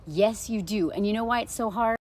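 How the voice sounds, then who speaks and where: Blunt, sarcastic woman with a husky voice. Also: medium pitch, a little fast, a little mellow. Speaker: social media commentator. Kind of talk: casual reaction commentary.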